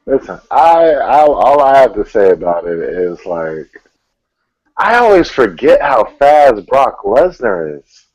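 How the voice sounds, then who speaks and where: Male panelist, very lively pitch, unhurried, jokey. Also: no room sound, lo-fi sound. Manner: animated, joking, swooping delivery. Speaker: podcast panelist. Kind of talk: casual podcast chat.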